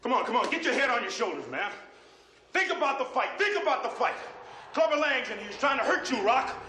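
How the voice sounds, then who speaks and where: An actor playing a fiery male boxing trainer who shouts urgent commands at his fighter, in a film clip. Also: very high voice, big pitch swings, a little fast, slight background noise, heavily acted. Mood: urgent coaching. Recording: roomy film audio with music behind. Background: film score music.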